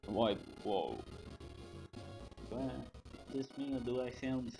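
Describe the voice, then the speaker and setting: A man's voice: medium pitch, takes it slowly, low-quality recording. A man streaming a video game, chatting casually and jokingly with viewers. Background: game music.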